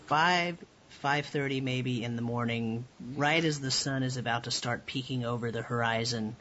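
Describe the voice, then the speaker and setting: A man narrating as game master of a tabletop game over a voice call, in a relaxed, rambling way with frequent chuckles. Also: mid-range voice, slight background noise. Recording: dull lo-fi voice call audio.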